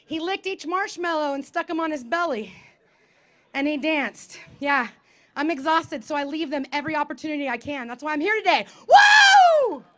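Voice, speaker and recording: Woman, thirties, high voice, stand-up comic, punchy, self-deprecating, outdoor stage mic. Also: brisk, fairly bright tone. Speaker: stand-up comedian. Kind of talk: stand-up comedy set.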